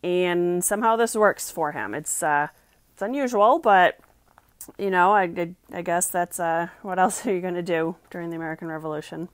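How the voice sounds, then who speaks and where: A woman's voice: fairly low pitch, normal speed, no room sound. Woman, casual book review vlog, chatty, reads passages aloud, dry sound.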